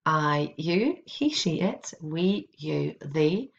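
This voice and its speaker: A woman teaching Spanish verb conjugations in an instructional video, drilling each form slowly and carefully. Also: sits low, sing-song, gravelly. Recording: dull, lo-fi sound.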